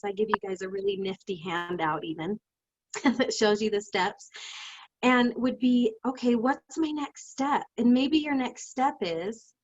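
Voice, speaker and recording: A woman life coach leading a guided session over a video call, emotional and animated, laughing often as she talks. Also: mid-range voice, no echo, dull audio.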